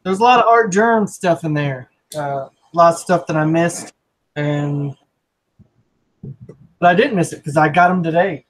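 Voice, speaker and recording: Male co-host, enthusiastic and rambling, fairly high-pitched casual talker. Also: measured pace, pauses often, poor audio. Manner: rambling and enthusiastic, lots of fillers and restarts. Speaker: podcast co-host. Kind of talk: casual chat.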